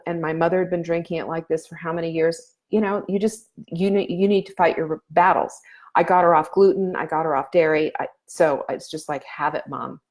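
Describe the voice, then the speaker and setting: A woman's voice: on the low side, darkish tone. A middle-aged woman hosting a casual live stream, giving earnest, motherly advice with frequent fillers. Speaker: nutrition coach host.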